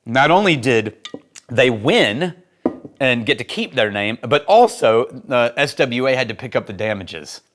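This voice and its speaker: A man hosting a casual whisky tasting vlog and giving advice. He is animated and opinionated, laughs often, and rushes through his asides. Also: mid-range voice. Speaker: whisky reviewer and host.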